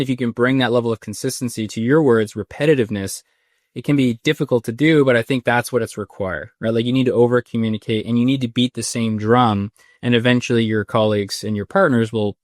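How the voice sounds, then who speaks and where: A man's voice: medium pitch, dry recording, studio quality. A man in his thirties hosting a podcast interview, chatty and rambling, with many restarts in his questions. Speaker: podcast host. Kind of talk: conversational interview.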